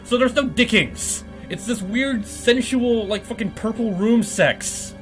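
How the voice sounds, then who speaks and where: A man's voice: extremely high pitch, unhurried, faint music behind. A man hosting a podcast, giving a comedic, profane recap of a game plot and laughing often. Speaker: podcast host.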